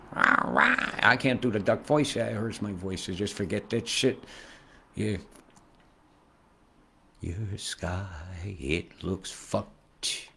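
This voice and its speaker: A man's voice: on the low side, gravelly. A man with a rambling, conspiratorial and profane manner, pointing out things on a screen as a weather vlogger.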